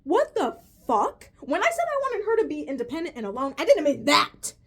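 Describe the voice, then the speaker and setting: A young woman rants to her viewers in casual video commentary, exasperated and peppering her talk with swearing and "bro". Her voice sits high and jumps all over the place as she gets worked up. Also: wildly swooping pitch, fairly quick. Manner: exasperated, swears a lot, says "bro" often. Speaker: vlogger.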